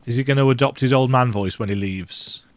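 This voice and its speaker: A man's voice: mid-range voice, brisk, no room sound. A man commenting casually and wryly on a video game as he plays. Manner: wry, chatty reactions. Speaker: let's play youtuber. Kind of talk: casual commentary over gameplay.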